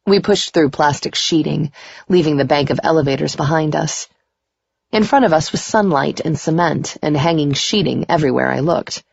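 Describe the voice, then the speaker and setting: A woman narrating a first-person romance audiobook in a steady, unhurried reading voice. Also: low voice, gravelly, no room sound. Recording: dry, dull muffled recording.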